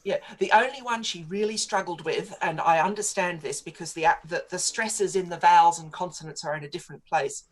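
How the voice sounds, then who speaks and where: A woman's voice: fairly low pitch, brisk, hardly any pauses. A woman, a political commentator arguing her views at length in a radio interview, articulate and opinionated. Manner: articulate and opinionated, long flowing arguments. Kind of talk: studio interview on talk radio.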